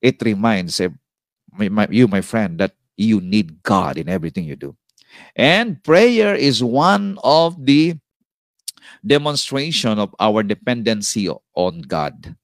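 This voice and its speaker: A Filipino-accented male pastor preaching with emphasis and a voice that swings widely in pitch. He moves back and forth between Tagalog and English, repeating his points and asking his listeners questions. The recording is dry and close, with little room sound. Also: expressive, slow, gravelly, pauses often, dry recording. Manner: asks the listeners rhetorical questions. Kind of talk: sermon.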